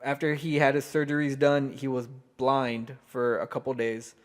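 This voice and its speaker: A man co-hosting a casual podcast chat, his voice sitting at an everyday middle pitch. He tells his stories earnestly and with plenty of swearing. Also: little pitch movement, normal speed. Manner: heartfelt, profane storytelling. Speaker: podcast co-host.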